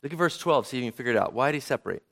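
A man's voice: medium pitch, racing, gravelly. A man preaching a sermon as pastor, often asking the congregation and kids questions. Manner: animated, asks the congregation questions.

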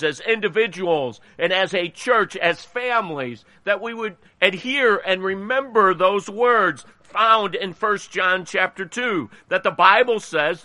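A man preaching with a bright, forceful tone and a slightly raised pitch. He speaks earnestly and emphatically, reading verse aloud as part of his sermon. The sound is close and dry. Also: no echo. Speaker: pastor.

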